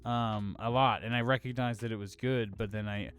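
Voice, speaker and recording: A man's voice: fairly low pitch, fairly even intonation, normal speed, a bit bright, faint music behind. A young man co-hosting a casual film podcast, hedging and filling his talk with "like". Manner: loose, hedging, many "like"s. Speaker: podcast co-host.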